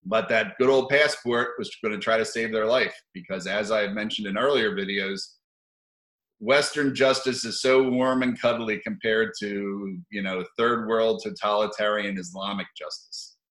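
A man's voice: lowish voice, steady tone, normal speed, fairly bright tone, echoey room, rough recording. A man giving rambling, profane opinion commentary for his video channel, sardonic and given to chuckling asides.

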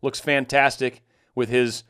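A man's voice: mid-range voice, level tone, measured pace, fairly bright tone, clean tone. A man giving casual, sarcastic political commentary, ranting and mocking.

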